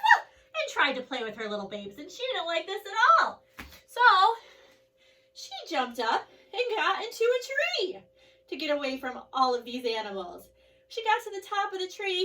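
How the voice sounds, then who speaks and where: A young woman teaching a kids' yoga class, playful and animated, telling stories between poses. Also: very high-pitched. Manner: animated, playful, drops to soft calm voice for mantras. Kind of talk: children's yoga class with storytelling. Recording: voice from a distance off the mic.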